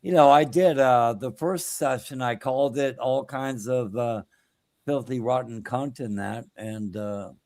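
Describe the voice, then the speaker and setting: A man's voice: medium pitch, measured pace, darkish tone, no echo. A man hosting a live stream, chatting casually in a blunt, crude, opinionated way with lots of fillers. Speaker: streamer host.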